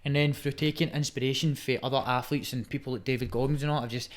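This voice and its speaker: A man's voice: medium pitch, steady tone, quick pace. Young scottish guy on a podcast, swears loads, mate mate mate, really driven. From Scotland. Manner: says mate constantly, swears heavily, emphatic. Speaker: guest, Muay Thai fighter. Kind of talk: casual podcast chat.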